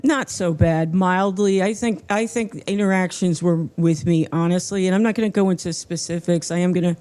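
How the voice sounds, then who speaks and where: A woman's voice: fairly low pitch, fairly even intonation, normal speed, dark tone. Hesitant, stammering woman on a stream. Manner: hesitant, stammering, restarts often. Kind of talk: casual stream chat.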